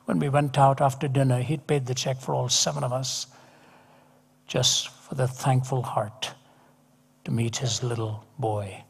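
A man's voice: mid-range voice, fairly even intonation, unhurried, creaky, slightly rough. A man preaching a sermon in a large hall, emphatic and repeating words for effect. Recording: long hall reverb.

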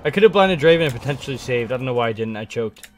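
A young man giving playful, excitable live commentary on his own video game match, trash-talking and hyping himself up. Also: medium pitch, very fast, faint music behind. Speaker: gaming streamer.

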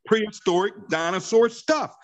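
Fervent high-pitched man in his fifties. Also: moderate pace, muffled recording. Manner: fervent, preachy, repeats phrases for emphasis. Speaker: network marketing team leader. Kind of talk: motivational training call talk.

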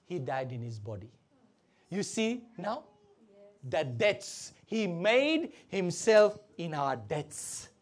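A woman preaching a sermon, animated and leading the congregation in call and response. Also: lowish voice, takes it slowly.

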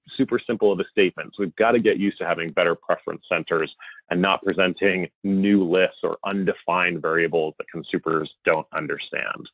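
A man giving a conversational presentation, often checking in with a quick "right?" and rising sharply when he quotes examples. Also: deep voice, dry recording, lo-fi sound. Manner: conversational, frequent tag "right?". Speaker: conference speaker on email marketing. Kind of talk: presentation talk.

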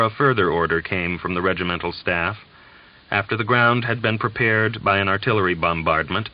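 A man with a low voice reads a novel aloud in a measured, steady audiobook narration. The sound is dull and lo-fi.

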